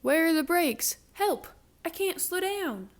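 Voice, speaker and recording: A woman voicing an excitable female cow in a children's storybook, high, breathless and shrill. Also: slow pace. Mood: panicked.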